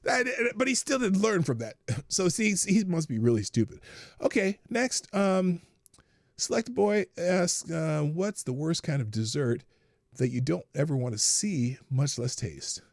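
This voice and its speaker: A man's voice: lively intonation, measured pace, vocal fry, dry recording, studio quality. Profane, blunt man hosting a livestream. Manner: profane, blunt, laughs at his own jokes, swings from low mutter to loud outbursts. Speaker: livestream host answering viewer questions. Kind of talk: casual unscripted chat.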